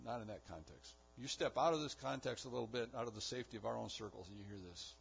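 A man's voice: mid-range voice, quick pace, creaky, slight background noise. A man preaching a sermon, building emphasis with repeated phrases. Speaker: pastor. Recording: dull lo-fi recording.

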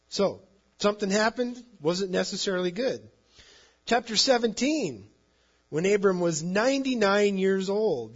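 A man's voice: fairly high pitch, highs cut off. A man preaching a sermon, reading scripture and retelling it in plain conversational words. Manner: conversational, paraphrases scripture in everyday speech. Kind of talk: sermon, Bible teaching.

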